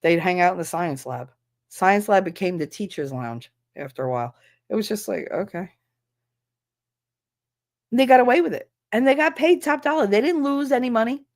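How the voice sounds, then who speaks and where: A woman's voice: mid-range voice, lively intonation, moderate pace, darkish tone. Blunt, swearing woman ranting casually. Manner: blunt, sarcastic, swears freely, acts out quoted dialogue. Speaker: streamer chatting while sorting files.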